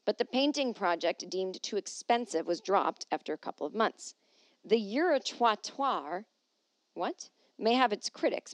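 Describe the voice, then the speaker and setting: A woman hosting a comedy podcast from home, reading aloud with animated, sarcastic asides in a casual monologue. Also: medium pitch, moderate pace, no room sound.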